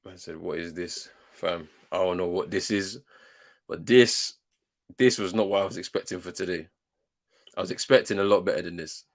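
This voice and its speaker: Young man, lowish voice, slangy, exasperated, laughing, live football watchalong. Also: steady tone, normal speed. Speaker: watchalong host.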